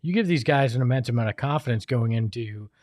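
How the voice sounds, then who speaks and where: A man's voice: mid-range voice, expressive, fast, darkish tone, no room sound, clean studio sound. A young man co-hosting a casual sports podcast, self-deprecating and rambling, often restarting his sentences.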